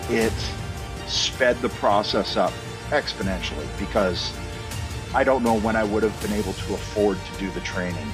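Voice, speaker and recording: A middle-aged man from Canada, a podcast guest telling stories in a casual, animated way with jokey asides and plenty of fillers. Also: fairly low pitch, moderate pace, music in the background. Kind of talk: casual storytelling interview.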